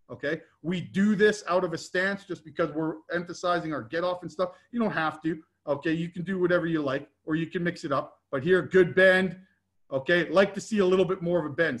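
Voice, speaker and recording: A man's voice: a little high, fairly bright tone. A man coaching football, talking casually through drill footage and ending most phrases with a checking "okay?", with short repeated commands. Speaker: football defensive line coach. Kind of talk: instructional clinic talk over drill video.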